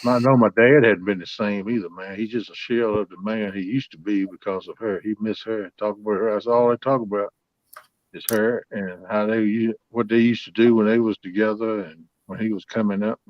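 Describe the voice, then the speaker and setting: A man's voice: lowish voice, steady tone, fairly quick, no room sound. Folksy man in his fifties. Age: 50s. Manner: folksy, drawling, heartfelt. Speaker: host. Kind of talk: casual storytelling chat. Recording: dull lo-fi sound, dry.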